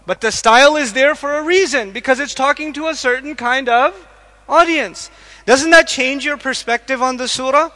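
A man giving an animated religious lecture to a live audience, questioning listeners and acting out quotes. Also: very high voice, normal speed. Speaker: Islamic lecturer. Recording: echoey hall.

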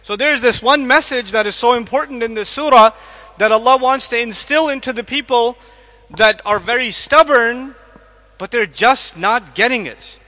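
High, bright-voiced male lecturer in a hall. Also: normal speed. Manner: animated, acts out quotes, asks the audience questions. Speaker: Islamic lecturer. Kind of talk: lecture to a live audience. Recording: echoey hall.

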